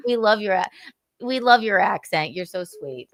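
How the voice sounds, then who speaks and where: A woman's voice: mid-range voice, lively intonation, slow pace, no room sound, studio quality. A woman co-hosting a call-in podcast, chatting casually and playfully, with frequent giggles. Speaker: podcast co-host. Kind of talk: casual chat.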